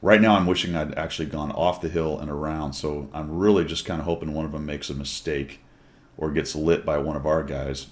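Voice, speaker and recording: Deep-voiced man doing chatty game commentary. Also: steady tone, a little fast. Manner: chatty, wry, jokey asides to viewers. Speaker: gameplay commentator.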